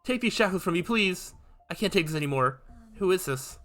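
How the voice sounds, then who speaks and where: Man reads as a tormented male medium in a game, raised and pleading, bright and quick. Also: high-pitched, lively intonation, faint music behind, voice pushed up. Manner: dramatic, pleading. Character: theatrical male medium channeling a tormented spirit.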